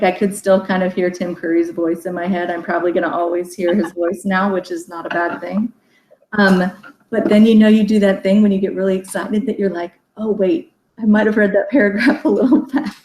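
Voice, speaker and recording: A woman's voice: lowish voice, level tone, normal speed, a little mellow. A woman hosting a casual livestream book chat, talking loosely with fillers, restarts and frequent laughs. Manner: chatty, laughs often, many fillers and restarts. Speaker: book discussion host. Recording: echoey room with faint ambient noise.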